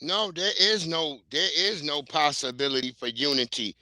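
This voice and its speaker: A man's voice: on the high side, steady tone, moderate pace, bright, forceful tone, dry recording. A middle-aged man, hosting a livestream in a blunt, heated, profane rant. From New York. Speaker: livestream host. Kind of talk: casual ranting commentary.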